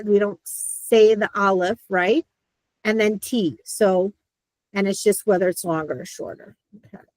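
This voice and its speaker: A woman teaching a beginner class, explaining sounds in a lively, playful way with sudden squeaks. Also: no echo, poor audio. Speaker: Hebrew teacher. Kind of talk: online lesson.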